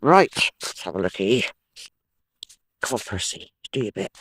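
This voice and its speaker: A man's voice: fairly low pitch, very animated, normal speed, husky, no room sound. A man with a chatty, enthusiastic manner, talking to himself and the viewers while metal detecting in a sloping farm field. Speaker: metal detecting channel host. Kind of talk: casual outdoor vlog chat.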